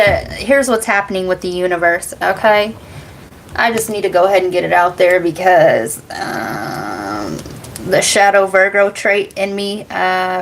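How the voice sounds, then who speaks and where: A woman's voice: medium pitch, slight background noise, low-quality recording. An American woman hosting a casual card-reading livestream, rambling, laughing often and swearing now and then as she answers chat. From United States. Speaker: tarot reader and livestream host.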